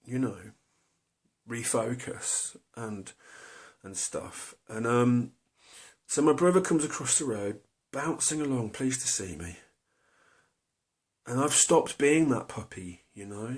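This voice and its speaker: A man's voice: mid-range voice, lively intonation, slow, long pauses. A middle-aged man tells a personal story to camera, hesitant and confessional, full of fillers and restarts. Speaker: vlogger.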